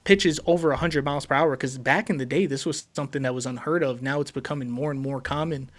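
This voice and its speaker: A Puerto Rican man hosting a casual sports podcast, talking excitedly and repeating himself with many fillers. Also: mid-range voice, fast talker. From Puerto Rico. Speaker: podcast host.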